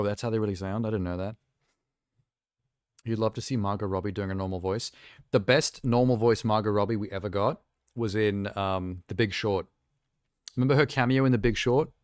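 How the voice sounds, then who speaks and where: A man's voice: fairly low pitch, clear, resonant tone, dry recording, clean studio sound. A young man live streaming, chatting casually and rambling with self-amused asides while reacting to trailers.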